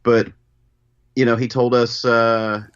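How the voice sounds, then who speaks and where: A man calling in as a guest musician, talking in a relaxed, easygoing way with a lot of hedging. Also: mid-range voice, slow pace, clear, resonant tone. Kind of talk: casual interview chat. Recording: dull phone-line call.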